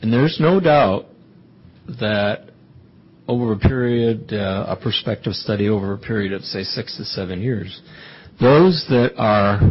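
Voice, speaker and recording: A husky, somewhat low-voiced man explains research findings at a panel, measured and explanatory. The recording sounds muffled. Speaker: dental researcher. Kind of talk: panel discussion.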